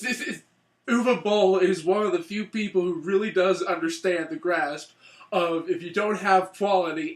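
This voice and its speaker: A man with a fairly high voice rambles through a casual movie review chat. He swears freely and laughs a lot as he goes. The room around him rings with echo. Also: a bit bright. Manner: rambling, profane, laughs often. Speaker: co-host of a movie review show.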